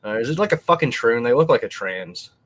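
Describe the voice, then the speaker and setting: A man's voice: mid-range voice, expressive, fairly quick, a bit bright. A man hosting a casual livestream, rambling and swearing crudely. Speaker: host.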